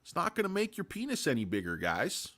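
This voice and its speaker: On a casual stock market live stream, the male host rambles through his points, cracks crude jokes on the side, and greets chat viewers by name. His voice is on the high side, fairly bright, a little fast, and full of huge pitch swings.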